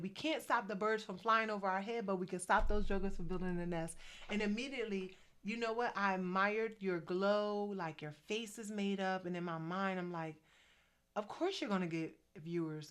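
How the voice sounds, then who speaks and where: A woman in her fifties talking casually to her camera about faith, chatty and preachy, with quick asides. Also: medium pitch, fairly bright tone. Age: 50s. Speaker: faith vlogger. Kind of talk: casual faith-based vlog talk.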